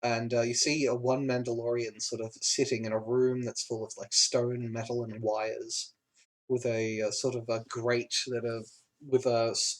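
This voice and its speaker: A man narrating as game master in a tabletop game, halting with frequent fillers and quick apologies. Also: mid-range voice, flat delivery.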